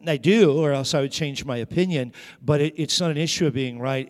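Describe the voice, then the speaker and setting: Storytelling pastor in a reverberant hall. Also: male voice, on the high side, a little fast. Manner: storytelling with repeated restarts. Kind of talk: sermon.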